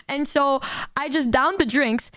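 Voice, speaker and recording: A young woman with a high voice tells a rambling story to her stream chat, excitable and quick to laugh or swear. She is recorded dry and close on a streaming mic. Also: no echo. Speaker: VTuber streamer.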